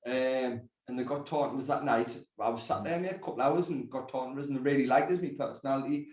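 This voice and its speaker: A man's voice: medium pitch, fast, a little mellow, reverberant. A young Geordie man as a guest in a casual chat, laughing often and swearing freely. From North East England. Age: young adult.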